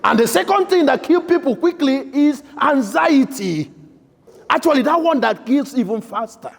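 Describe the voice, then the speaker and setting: A man preaching a sermon as priest in a church, emphatic, swinging between loud outbursts and soft, quiet lines. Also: very high-pitched, animated, moderate pace, creaky. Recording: echoey church hall.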